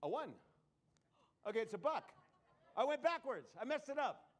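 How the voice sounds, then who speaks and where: A man with a high, light voice doing live comedy magic in a showroom. He keeps up a stream of quick jokes and banter with the audience. He talks the crowd through each trick as he performs it. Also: sing-song. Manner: joking patter with the audience.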